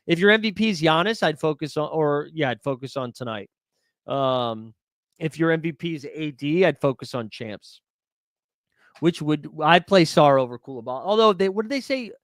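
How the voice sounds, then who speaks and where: A man's voice: fairly high pitch, moderate pace, no echo, clean studio sound. Upbeat man hosting a live fantasy stream. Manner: excitable, talks to chat by name, thinks aloud. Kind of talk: casual live-stream chat.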